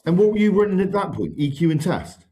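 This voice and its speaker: A man's voice: high-pitched, big pitch swings, fast, warm tone. A man co-hosting a casual podcast, trading crude, teasing banter. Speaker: podcast co-host, coach. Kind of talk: casual chat.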